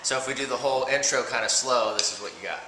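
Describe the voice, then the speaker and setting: In a very echoey practice room full of drums, a man with a medium-pitched voice talks quickly over loud drumming and music. He teaches a drum cadence casually and step by step, saying the rhythms aloud as he explains each pattern.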